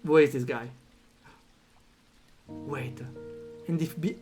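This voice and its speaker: A man streaming a story game, reading the text aloud and reacting with animated commentary. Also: mid-range voice, slow, long pauses, soft background music. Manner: animated, reacts out loud, thinks aloud with fillers.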